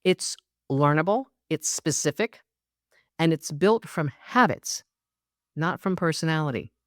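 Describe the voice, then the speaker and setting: Female podcast host and coach, low pitch, direct and emphatic delivery. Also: lively intonation, a little slow, no room sound, studio quality. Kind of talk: solo podcast monologue.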